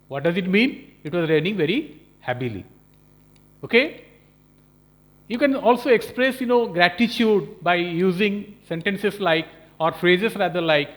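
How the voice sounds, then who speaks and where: A professor lectures in a high voice. He explains each point step by step and keeps checking in with his listeners. He sounds like a man giving a recorded lesson. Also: lively intonation, measured pace, fairly bright tone. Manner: explanatory, checks in with frequent "Okay?" and "you know". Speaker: professor lecturing on management skills.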